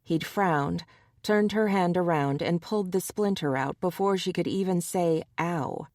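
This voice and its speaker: A woman narrating a romance audiobook in a measured storytelling way. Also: on the low side, darkish tone, no room sound, clean studio sound.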